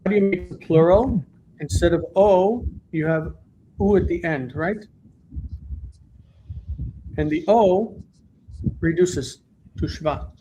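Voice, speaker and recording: A man leads an online class on biblical Hebrew, explaining step by step and pausing to check that everyone follows. His voice sits a little high for a man. Faint hiss sits under the video-call audio. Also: dark tone, highs cut off. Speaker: Hebrew teacher.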